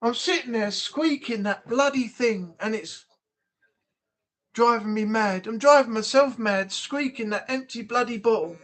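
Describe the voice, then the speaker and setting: A man's voice: extremely high pitch, measured pace, fairly bright tone. Chatty man hosting a stream. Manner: chatty, frank, swears freely. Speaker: live stream host. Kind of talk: casual live-stream chat.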